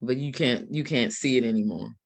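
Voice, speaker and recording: A man hosts a live stream conversation with a mid-range voice. He pauses often and fills gaps with "um" as he sums up and asks questions. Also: medium pitch, gravelly. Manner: hesitant, many fillers. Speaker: host.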